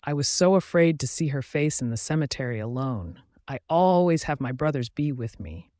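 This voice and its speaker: Male narrator reading a romance novel aloud, soft and even, mid-pitched, dry close sound. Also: normal speed, no echo. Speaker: audiobook narrator. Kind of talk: scripted narration.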